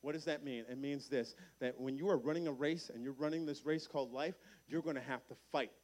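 A man preaching a lively youth sermon at a camp meeting, acting out voices in his stories. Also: mid-range voice, a little fast. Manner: energetic preaching, acts out voices in quotes. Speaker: camp speaker.

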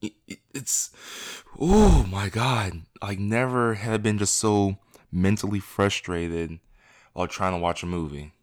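A man's voice: fairly low pitch, a little slow. A man in casual conversation, telling a story in a rambling, easygoing way. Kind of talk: casual chat.

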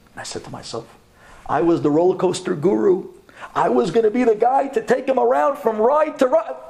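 A man who is a rabbi, telling a personal story to a class in a dramatic storyteller's manner, dropping to a hush at tense moments. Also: sits high, gravelly. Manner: animated, dramatic storytelling with sudden drops to a hush.

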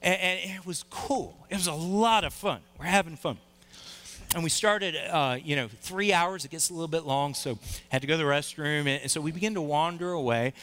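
A middle-aged man preaching a sermon, telling a personal story with lively, acted-out quotes. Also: fairly high pitch, moderate pace. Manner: animated storyteller, acts out quoted voices. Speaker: pastor.

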